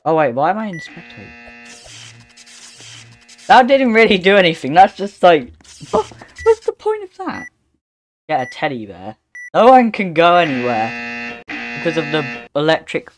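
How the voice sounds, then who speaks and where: A male gaming host giving live gameplay commentary, mostly calm remarks broken by sudden excited yelps and exclamations. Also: fairly high pitch, a little slow, pauses often, a little hiss or hum.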